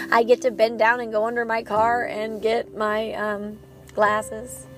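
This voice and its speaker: A woman's voice: on the high side, fairly even intonation, takes it slowly. A woman in her thirties hosting her own podcast as a parent of a child with medical needs, talking candidly and laughing at herself. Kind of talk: personal podcast monologue.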